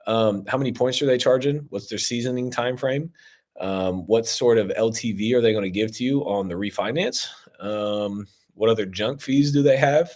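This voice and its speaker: A man's voice: mid-range voice, moderate pace, darkish tone. A man coaching on real estate investing as he answers viewer comments in a casual live-stream Q&A, talking loosely with many fillers and an upbeat tone toward his viewers. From Ohio.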